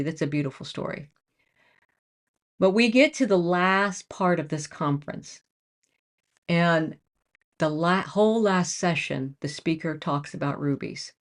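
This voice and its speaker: Woman, lowish voice, testimony speaker, emotional storyteller, self-recorded to camera. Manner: emotional, storytelling, with restarts and rising excitement. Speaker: Christian speaker sharing a testimony. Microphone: own camera.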